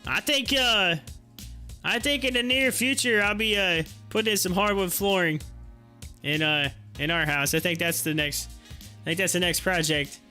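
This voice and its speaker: A man's voice: sits high, moderate pace, sharp tone, faint music behind. A man hosting a stock market live stream, chatting casually, rambling, teasing his viewers and laughing often. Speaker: stock market livestream host.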